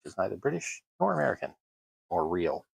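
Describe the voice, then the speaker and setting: A man's voice: low-pitched, big pitch swings, a little fast, vocal fry, darkish tone, slightly rough, no room sound, rough recording. A man hosting a crafting livestream, chatting casually while he works, with wry, self-deprecating asides. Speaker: terrain crafting livestream host.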